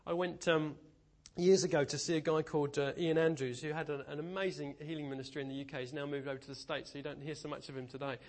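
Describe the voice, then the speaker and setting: Man, preacher, high voice, animated humorous storytelling, sermon in a church. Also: fast.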